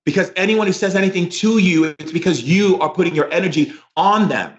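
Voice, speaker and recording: A man's voice: sits high, brisk, dull audio. A man giving a motivational spiritual talk as a shamanic teacher, emphatic and repetitive like a preacher, openly emotional. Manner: emotional, effusive.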